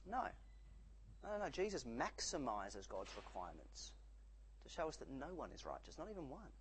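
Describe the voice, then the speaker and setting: A male pastor preaching a sermon, animated and acting out the voices he quotes. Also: medium pitch, moderate pace, a little hiss or hum, low-quality recording.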